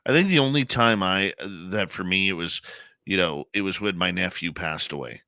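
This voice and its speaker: Radio host guy, real low voice but bright and sharp, emotional storytelling, dry sound. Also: normal speed, no echo. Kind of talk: conversational interview.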